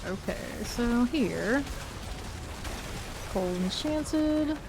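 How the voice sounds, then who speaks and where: A woman's voice: on the high side, lively intonation, drawn-out words, creaky, background noise. A woman streaming a game live, thinking aloud and calling out enemies as they appear. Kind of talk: live gameplay commentary.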